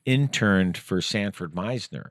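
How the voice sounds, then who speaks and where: Animated low-voiced male podcast host. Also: slow, no room sound, studio quality. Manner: animated storyteller who reads text messages aloud. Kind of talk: casual storytelling chat. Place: podcast studio.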